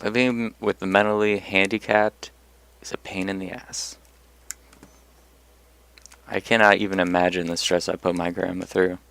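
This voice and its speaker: A young man tells a personal story straight to the camera, blunt and profane, getting worked up as he goes. His voice sits low and sounds smooth and clear. The sound is dry and close, with no room echo. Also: fairly bright tone. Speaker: vlogger. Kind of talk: casual storytelling monologue.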